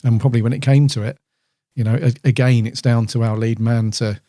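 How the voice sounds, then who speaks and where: A man co-hosting a podcast in a relaxed chat. His voice is dark and mellow, sitting in a middle pitch, recorded dry and close. He rambles, stumbles and restarts often. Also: a little fast, dry recording. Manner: rambling, many fillers and restarts. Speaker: podcast co-host. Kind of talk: casual chat reviewing an episode.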